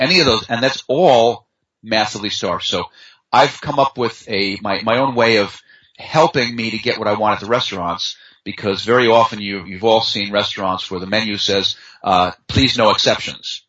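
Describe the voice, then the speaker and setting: A man talking in an unhurried, chatty way as a guest in a conversation, with fillers and easy storytelling. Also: on the low side, pushed and bright. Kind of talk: casual conversation. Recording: dull lo-fi sound.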